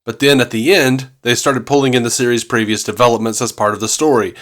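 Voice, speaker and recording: A man's voice: mid-range voice, steady tone, fast, a bit bright. Male podcast co-host, mid-range voice, casual and playful, reads listener emails with plenty of laughs. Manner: jokey, laughing, plays up silly voices.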